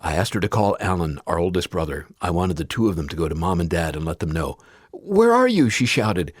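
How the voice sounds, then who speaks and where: A man reads a first-person memoir in a very low, steady register. The recording is dry and close, with no room sound. He leans into the quoted lines with strong feeling. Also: quick pace, breathy edge, no echo. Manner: acts out anguished quoted cries, rising to pleading. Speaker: audiobook narrator. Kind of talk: scripted narration of a memoir.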